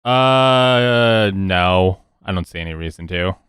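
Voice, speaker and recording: A man playing a tabletop game, talking hesitantly with many pauses and restarts. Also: low-pitched, a bit bright, clean tone, no echo, clean studio sound. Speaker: player.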